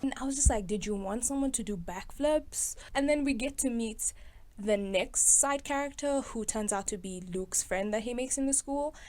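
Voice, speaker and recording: A young woman hosting a film review in casual, sarcastic commentary, chatty and quick to laugh. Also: on the high side, darkish tone. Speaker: video host reviewing a film.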